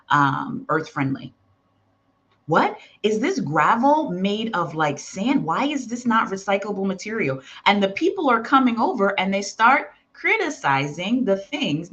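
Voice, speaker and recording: Animated woman preaching with acted-out voices. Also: mid-range voice, dull audio. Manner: animated storytelling, acting out voices. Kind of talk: sermon-style teaching.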